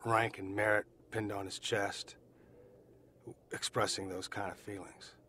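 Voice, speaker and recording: Low-voiced American man giving testimony. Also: flat delivery, sharp tone, slight background noise. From United States. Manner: deliberate, repeats phrases for emphasis. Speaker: eyewitness survivor. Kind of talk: personal testimony.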